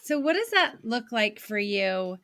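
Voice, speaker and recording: Woman host, mid-pitched, dry room, halting question-asker. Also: sing-song, a bit bright, dry recording. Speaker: podcast host. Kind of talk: podcast interview.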